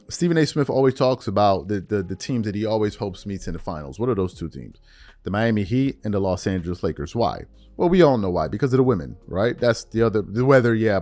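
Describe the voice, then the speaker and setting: A man's voice: on the low side, darkish tone, dry recording. A man hosting a podcast, giving his opinion in casual talk that rambles with many fillers and repeats. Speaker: podcast host.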